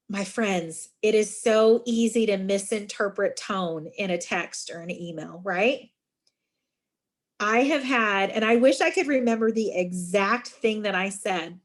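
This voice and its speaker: A middle-aged woman talks through a leadership workshop in a middle-pitched, ordinary speaking voice. She addresses her listeners as friends and slips into lively, emphatic storytelling to make her points. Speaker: university student involvement director.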